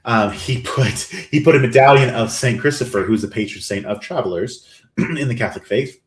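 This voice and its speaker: In a reverberant recording, a podcast co-host with a medium-pitched voice briskly retells a film scene by scene in casual chat. He animatedly acts out the characters' lines as he goes.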